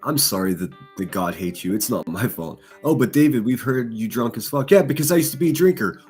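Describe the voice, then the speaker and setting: A man's voice: medium pitch, expressive, a little fast, hardly any pauses, darkish tone, husky, soft background music. A man hosting a livestream, reading chat and mocking people with crude insults and laughter. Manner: insulting, sneering, laughs at own jokes. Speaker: livestream host.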